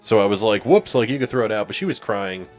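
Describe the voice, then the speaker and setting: A man talks his way through a story, full of "like" and "you know", laughing at his own punchlines. His voice sits a little low. Faint game music plays behind him. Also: lively intonation, quick pace. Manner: rambling, filler-heavy, laughing at own stories. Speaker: gameplay co-host. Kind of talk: casual storytelling chat over gameplay.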